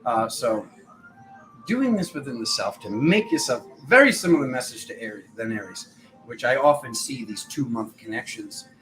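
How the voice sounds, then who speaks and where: A man's voice: mid-range voice, lively intonation, moderate pace, fairly bright tone, faint music behind, poor audio. A young man giving a spiritual tarot reading, rambling and acting out the voices of people in his stories. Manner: rambling, acts out quoted voices. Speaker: tarot reader.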